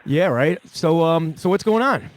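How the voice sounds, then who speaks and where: A man, hosting a comedy podcast and telling crude, rambling stories with a gruff, profane manner. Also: on the high side, expressive, unhurried. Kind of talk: crude casual storytelling.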